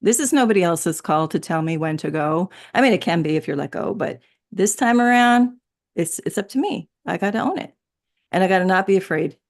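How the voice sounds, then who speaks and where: Interview guest, woman, somewhat low pitch, loose rambling delivery with frequent laughs. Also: lively intonation, fairly quick. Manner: rambling, laughs often, many restarts. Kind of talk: casual spiritual chat.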